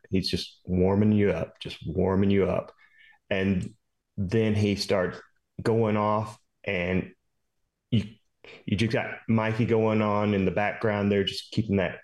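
A man's voice: fairly low pitch, a little mellow. A man guest on a music podcast, speaking admiringly and thoughtfully, a bit distant from the mic. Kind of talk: casual music podcast chat.

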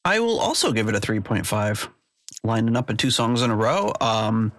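A man's voice: on the low side, animated, normal speed, fairly bright tone. A man hosting a music podcast, chatting casually with many fillers and mimicking lyrics. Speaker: podcast host.

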